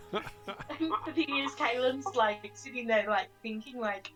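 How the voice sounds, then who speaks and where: A woman's voice: fairly high pitch, slow, fairly bright tone, faint music behind, poor audio. Woman player describing her character. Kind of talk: casual game chat.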